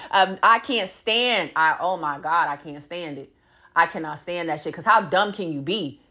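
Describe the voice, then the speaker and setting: A woman's voice: lowish voice, normal speed, bright, forceful tone. A young woman hosting a podcast, telling a story about cheating in a blunt, heated and profane rant. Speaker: podcast host.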